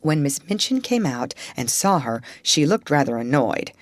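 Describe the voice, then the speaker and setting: A woman narrating a children's classic in a low-pitched voice that moves freely up and down as she tells the story. The reading is expressive and storybook-like, recorded dry and close with no room sound. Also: normal speed, dry recording. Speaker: audiobook reader.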